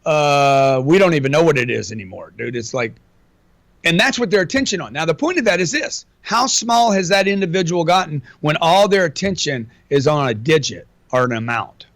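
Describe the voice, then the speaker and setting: Brash middle-aged man, streetwise and profane, slightly high voice, dry close-miked sound. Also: lively intonation, moderate pace, fairly bright tone, dry recording. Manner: brash, slangy, profane, keeps saying man and dude. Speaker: interview guest. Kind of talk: casual interview talk.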